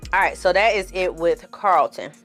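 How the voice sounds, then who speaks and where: A woman's voice: on the low side, moderate pace, faint music behind. A woman giving a casual, sassy TV review on her vlog. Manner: sassy, expressive, acts out scenes in funny voices. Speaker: film and TV reviewer.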